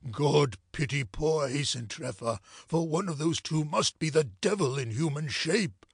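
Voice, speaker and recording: A man voicing a frightened older innkeeper, grave and low. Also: lively intonation, measured pace, gravelly, breathy edge, no echo, clean studio sound, exaggerated voice. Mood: fearful. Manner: grave, fearful.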